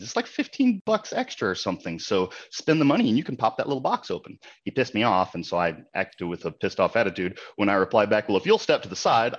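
Male realtor, casual anecdote, quick delivery, slightly low voice, muffled lo-fi recording. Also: husky. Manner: animated, heated retelling with quoted exchanges. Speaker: realtor, local board president. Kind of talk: casual storytelling.

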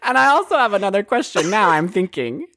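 Woman, lower voice, swings all over, cursing and laughing, dry close mic. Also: very animated, brisk, fairly bright tone, no room sound. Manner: swears freely, laughs a lot. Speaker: podcast co-host. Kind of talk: casual movie recap chat.

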